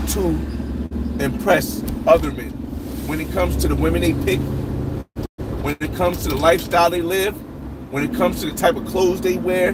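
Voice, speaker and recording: A man hosting a casual livestream, reading viewer comments and rambling through his thoughts with loud shout-outs. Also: a little high, noisy background. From United States. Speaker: livestream host.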